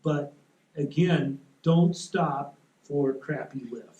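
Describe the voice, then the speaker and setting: A man giving a seminar in a meeting room, his voice a touch high but mellow. He talks in an easygoing, practical way, leaning on rules of thumb. The room has a clear echo. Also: steady tone, slow pace, highs cut off. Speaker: seminar presenter. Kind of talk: relaxed technical talk. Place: meeting room at a soaring club. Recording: echoey room.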